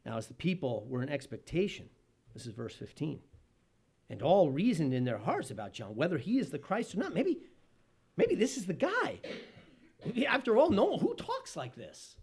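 A man preaching a sermon as pastor, animated, swinging between loud emphasis and hushed tones. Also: a little high, moderate pace, husky.

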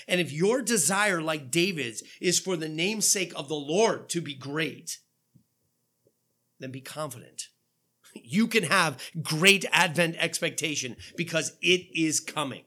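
A man's voice: fairly high pitch, expressive, measured pace, bright, forceful tone. A man preaching a sermon as pastor, earnest and full of rhetorical questions. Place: church.

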